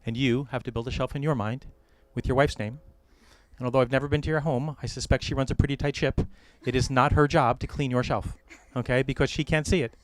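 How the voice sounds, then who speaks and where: A middle-aged American man officiating a wedding, giving joking, gentle advice to the couple. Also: mid-range voice, steady tone, quick pace. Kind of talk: wedding ceremony address. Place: outdoor or hall wedding ceremony.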